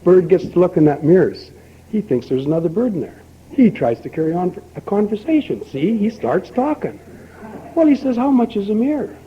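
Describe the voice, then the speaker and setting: An older man speaking at a recovery meeting, telling a long folksy joke and acting out both characters with lively emphasis. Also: sits high, a little fast. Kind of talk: storytelling talk at a recovery meeting. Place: meeting hall. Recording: dull lo-fi archival tape with faint hiss.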